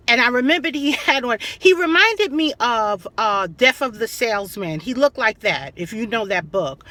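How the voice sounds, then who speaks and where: Woman, middle-aged, bright tone, slow unhurried pace, casual storytelling, animated. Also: high-pitched. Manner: animated, acts out quotes, laughs while telling. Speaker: vlogger.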